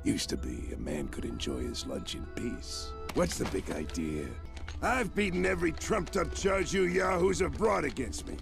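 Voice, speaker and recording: A cocky, sneering gangster boss from a cartoon. His voice is gravelly and lurches up and down as he talks tough. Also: mid-range voice, big pitch swings, normal speed, over music.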